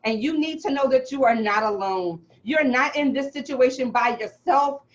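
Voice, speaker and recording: A woman's voice: sits high, normal speed. A woman co-host giving fervent, encouraging closing remarks over a video call. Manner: fervent and affirming. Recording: dull lo-fi call audio.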